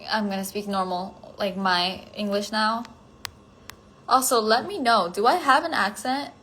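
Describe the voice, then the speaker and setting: A woman's voice: medium pitch, a little slow, bright, forceful tone, a little hiss or hum, rough recording. A woman chatting casually on a phone livestream, answering fan comments. She is giggly and self-conscious, with lots of "like" fillers.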